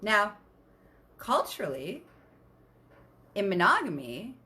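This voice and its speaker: A woman sexual wellness coach talking casually and candidly as a podcast guest, animated and swearing freely. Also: medium pitch, unhurried. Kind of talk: casual explanatory talk.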